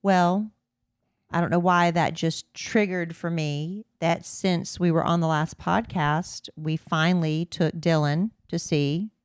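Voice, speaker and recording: A woman co-hosting a podcast in easygoing chat, drifting from point to point. Her voice is low and clear, with a smooth tone. The recording is dry and close. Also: fairly even intonation, slow pace, no echo. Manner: chatty, rambling asides. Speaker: podcast co-host. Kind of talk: casual chat.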